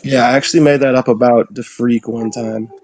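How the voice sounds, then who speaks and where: A man co-hosting a casual podcast, telling jokes in a halting way full of restarts. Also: medium pitch, fairly even intonation, a little mellow, rough recording. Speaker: podcast co-host. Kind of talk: casual chat.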